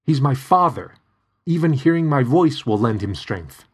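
A man's voice: mid-range voice, big pitch swings, normal speed, husky, pitched above the performer's own voice. A man voicing an earnest, determined young male student who speaks in an eager, pleading way.

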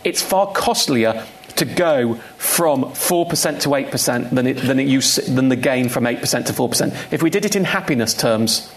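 A man's voice: medium pitch, expressive, moderate pace, a little hiss or hum. A man speaking as a guest at a live on-stage conversation, emphatic and repeating key points for stress. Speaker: guest speaker, consumer finance campaigner.

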